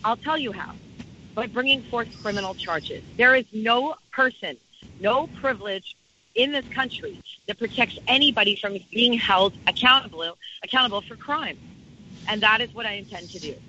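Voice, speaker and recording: Intense, bright-voiced woman guest. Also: fairly high pitch, normal speed, lo-fi sound, a little hiss or hum. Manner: emphatic, repeats key phrases. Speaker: campaign organizer, guest. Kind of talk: impassioned interview talk.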